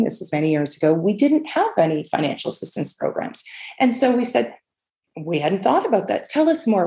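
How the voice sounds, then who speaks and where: Middle-aged woman, charity chief interviewee; low, gravelly, earnest and emotional. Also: mellow. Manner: earnest, emotional, many fillers and restarts. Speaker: charity CEO, interview guest. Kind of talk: conversational storytelling.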